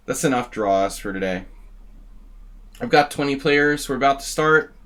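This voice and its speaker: A man's voice: mid-range voice, lively intonation, moderate pace, fairly bright tone. A man hosting a live chess stream, chatting casually and rambling as he thanks viewers by name.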